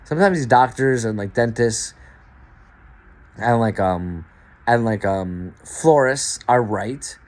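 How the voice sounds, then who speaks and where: A man's voice: mid-range voice, takes it slowly, darkish tone. A man in a rambling monologue to camera, swearing often, restarting his sentences and swinging between muttered asides and emphatic outbursts. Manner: profane, stream-of-consciousness, many restarts and stumbles.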